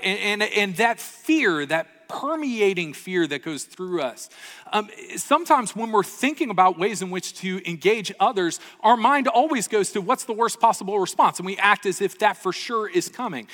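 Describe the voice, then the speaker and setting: A man's voice: high voice, fairly bright tone. A man preaching a sermon as pastor, earnest and storytelling, often checking in with the congregation. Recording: long reverb of a large hall.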